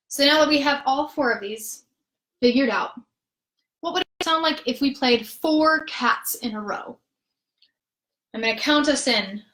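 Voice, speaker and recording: A woman with a slightly high voice leads a live-streamed rhythm lesson as a music therapist. She is patient and upbeat and counts out the beats slowly and clearly. Her voice rings in a roomy, echoey space. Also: a bit bright. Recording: roomy echo.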